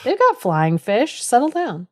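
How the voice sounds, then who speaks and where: A woman's voice: on the high side, dry recording, studio quality. Chatty woman retelling a folk tale. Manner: animated, quick asides, acts out quotes. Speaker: podcast co-host.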